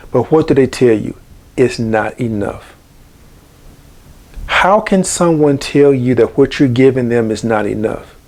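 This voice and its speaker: Speaking to camera, this middle-aged man hosts his channel with a moralizing monologue built on repeated key phrases. He has a mid-range voice with a slightly mellow quality.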